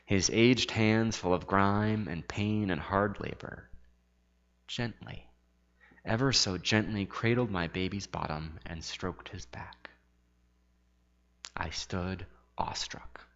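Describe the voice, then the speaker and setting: A man reading a first-person story aloud, expressive and dramatic with soft hushed asides, in a dull lo-fi recording with a long reverb. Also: deep voice, slow pace.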